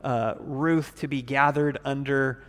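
A man preaching as a pastor, teaching through a Bible passage in a relaxed, casual way, acting out the characters' lines. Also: mid-range voice, slow pace, in a large hall.

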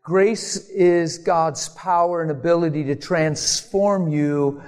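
Animated male preacher in a reverberant hall. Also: on the high side, takes it slowly, clear, resonant tone. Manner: animated storytelling, acts out prayers and voices. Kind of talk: sermon. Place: church hall. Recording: long hall reverb, faint music.

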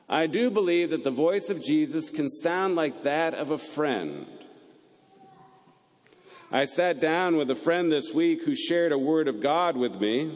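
A man preaching a sermon as pastor, earnest, building to emphatic peaks. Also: a little high. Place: church sanctuary. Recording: long reverb of a church hall.

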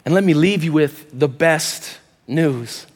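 A high-voiced man in his thirties preaching to his congregation, moving through an animated personal story with quick asides. His voice rings out with a long reverberant tail, as from a big church hall. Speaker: pastor.

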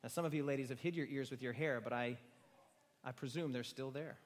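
A man preaching a sermon to a congregation in a room, dramatic, swinging from loud emphasis down to hushed near-whispers. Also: medium pitch, fairly quick. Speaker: pastor. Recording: reverberant hall sound.

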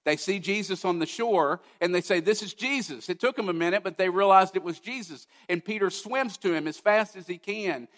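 A man preaching a sermon, emphatic, asking rhetorical questions and swinging from loud to hushed. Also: sits high, brisk, few pauses, long reverb tail. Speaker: pastor.

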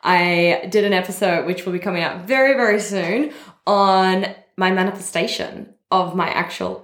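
Woman podcast host, bubbly and excitable, casual storytelling, echoey room. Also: lowish voice. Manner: bubbly, laughs often, gasping and excitable.

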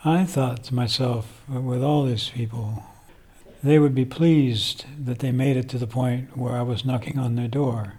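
A man's voice: medium pitch, steady tone, measured pace, a little mellow. An older man, a songwriter, reflecting at length in a casual interview, rambling with fillers. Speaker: songwriter guest.

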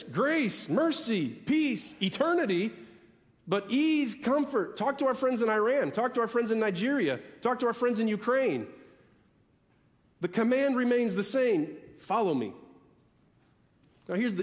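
A man preaching a sermon as pastor, emphatic, repeating key phrases with dramatic pauses. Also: very high-pitched, lively intonation, long reverb tail.

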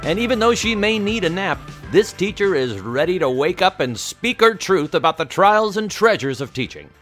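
A man announcing the show intro in a loud, playful, sing-song delivery. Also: high voice, sing-song, moderate pace, faint music behind. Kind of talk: energetic show intro over music.

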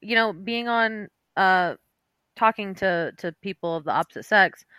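Young female co-host, teasing and curious, bright voice, dry recording. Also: mid-range voice, unhurried, smooth, dry recording. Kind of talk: casual chat.

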